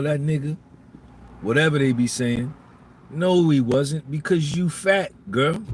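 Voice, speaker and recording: A man's voice: a little high, a little hiss or hum. A man hosting a live podcast, giving a blunt, profane monologue and repeating his points for emphasis. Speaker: podcast host.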